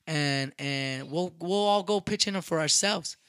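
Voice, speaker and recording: A young man casually telling a rowdy story, profane and animated, acting out what people said. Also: a little high, a little slow. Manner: animated, profane, acts out quotes loudly.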